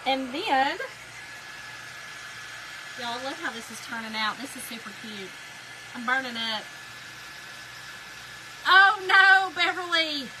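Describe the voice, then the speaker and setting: Folksy woman host, higher voice, casual craft-stream chatter over steady noise. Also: a little slow, long pauses. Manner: chatty, folksy, talks to viewers as y'all. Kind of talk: casual chat while crafting on a livestream.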